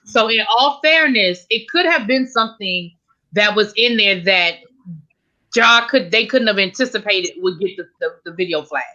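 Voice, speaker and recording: Bright-voiced woman on lo-fi call audio. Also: mid-range voice, animated, normal speed. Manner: conciliatory, repeats "in all fairness". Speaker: YouTube commentator on a panel. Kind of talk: casual panel discussion.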